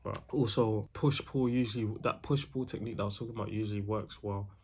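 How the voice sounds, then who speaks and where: A young man gives casual dating advice, slangy and repetitive, calling the listener bro. His voice is lowish and dark, his pace quick, with a little hiss or hum in the recording.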